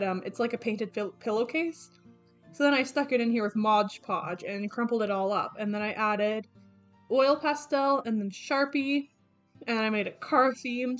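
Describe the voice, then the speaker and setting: A young woman talking through her sketchbook in a casual, rambling way, with lots of fillers and self-corrections. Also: mid-range voice. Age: young adult. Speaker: artist vlogger. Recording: faint background music. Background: background game music.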